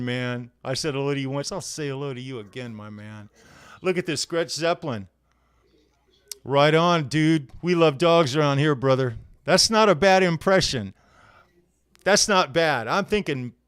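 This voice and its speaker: Exhausted after hard physical work, this man still greets each viewer of his casual live show in a relaxed, friendly manner. His voice is on the high side, fairly bright and smooth, recorded cleanly in a studio with no room sound.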